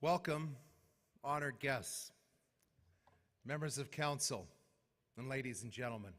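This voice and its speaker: A middle-aged man, a mayor, giving a formal, measured inaugural speech full of heartfelt thanks. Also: medium pitch, a bit bright. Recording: long hall reverb.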